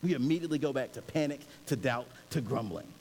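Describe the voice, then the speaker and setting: A man's voice: mid-range voice, fast. A male pastor preaching a conversational sermon, acting out scenes as he goes, in a reverberant hall with faint hiss. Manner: animated and conversational, acts out scenes.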